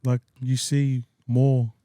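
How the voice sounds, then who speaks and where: A man's voice: mid-range voice, flat delivery, slow, mellow, dry recording. A man chatting casually with friends on a podcast, slangy and reflective, often chiming in to agree. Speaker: podcast co-host. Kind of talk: casual chat among friends.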